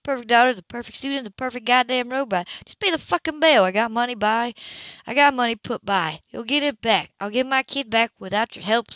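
A woman's voice: medium pitch, a bit bright, no echo, natural voice. A woman reading an audiobook, voicing a bitter, manipulative woman who snaps and pleads by turns. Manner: snapping, swinging to pleading. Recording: dull lo-fi home recording.

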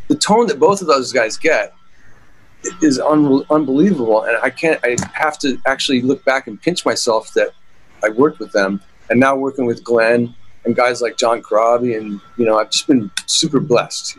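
A man's voice: medium pitch, moderate pace, slightly rough, low-quality recording. A middle-aged man, a guitarist, telling stories in an interview in a rambling way with many fillers and restarts. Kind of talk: casual interview storytelling.

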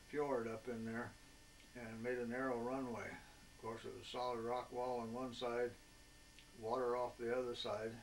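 An elderly man in his eighties tells old war stories in a folksy, meandering way, stopping often on filler sounds. His voice stays level and flat. He sits away from the mic, with a faint hiss of background noise behind him. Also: mid-range voice, distant mic, low-quality recording. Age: 80s. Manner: folksy and rambling, with many filler pauses. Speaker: veteran interviewee. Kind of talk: oral history reminiscence.

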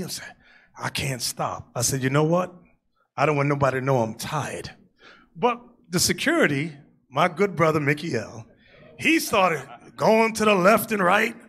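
Animated, bright-voiced preaching man. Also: high-pitched, breathy edge. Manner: animated, joking storytelling with shouted asides. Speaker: bishop preaching. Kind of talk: sermon.

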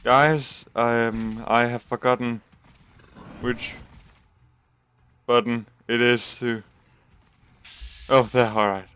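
A man hosting a gaming channel, giving let's play commentary with loud, sweary reactions to the game. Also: medium pitch, steady tone, slow pace, long pauses, clean tone.

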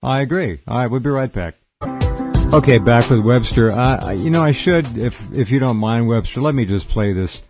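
A man's voice: mid-range voice, animated, fairly quick, hardly any pauses, over music. A man hosting a radio talk show, interviewing a guest and giving blunt, opinionated remarks. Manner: blunt, opinionated, many short backchannels. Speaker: radio host.

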